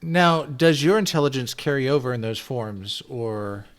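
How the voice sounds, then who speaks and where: A man's voice: mid-range voice, steady tone, normal speed. A man playing in an online tabletop game, checking the rules and explaining his character's actions with some hesitation. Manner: hesitant, reading rules aloud. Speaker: player. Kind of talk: casual chat at a tabletop game.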